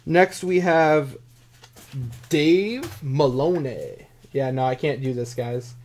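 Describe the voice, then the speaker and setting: A man hosting a live stream, opening sports card packs, joking casually and clearing his dry throat often. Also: fairly high pitch, expressive, slow pace, a little mellow.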